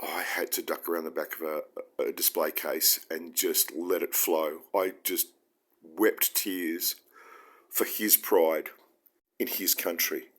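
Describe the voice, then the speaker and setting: Low-voiced Australian man musing aloud. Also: fairly even intonation, slow pace. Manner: earnest, heartfelt and rambling. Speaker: podcast host. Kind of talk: solo reflective monologue.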